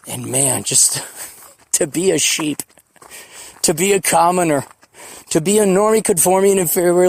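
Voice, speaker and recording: A man in his forties talks alone into his podcast mic, drifting from memory to musing. His voice sits a little high for a man. He swears freely and wanders in a loose, reflective ramble. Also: gravelly, darkish tone. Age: 40s. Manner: rambling, profane, reflective, mocks others in quick put-on voices. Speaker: podcast host. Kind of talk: solo podcast monologue.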